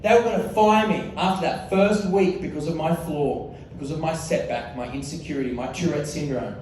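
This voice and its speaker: A man's voice: fairly high pitch, a little fast, a little mellow, a little hiss or hum. A man in his forties with an Australian accent giving a playful, comedic keynote talk at a conference, laughing often. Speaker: motivational speaker. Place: large conference hall. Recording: echoey hall from far off.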